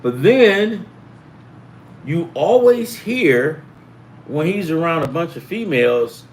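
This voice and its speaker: A man's voice: a little high, big pitch swings, unhurried, a little hiss or hum. A middle-aged man from the US East Coast telling rambling, profane stories in a casual sports betting show, acting out the voices of people he quotes. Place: home in California.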